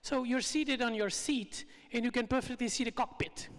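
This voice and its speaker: A speaker telling a story at a live retreat evening, in lively, phrasing. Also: mid-range voice, normal speed. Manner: lively, non-native phrasing. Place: event hall. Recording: long reverb from a live hall.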